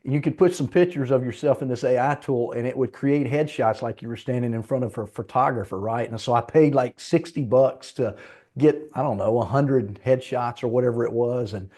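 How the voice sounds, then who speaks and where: A middle-aged man with a Southern US accent, a podcast guest who tells relaxed, self-deprecating stories in casual speech. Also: medium pitch, a little fast. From Little Rock, Arkansas, USA. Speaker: podcast guest, leadership coach. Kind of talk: conversational podcast interview.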